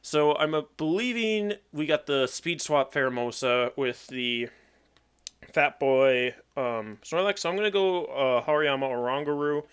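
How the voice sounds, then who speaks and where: A man's voice: fairly high pitch, measured pace, fairly bright tone, clean tone. A young man chatting casually as he plays and commentates a competitive Pokemon battle, thinking aloud and joking at himself. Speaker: gaming YouTuber.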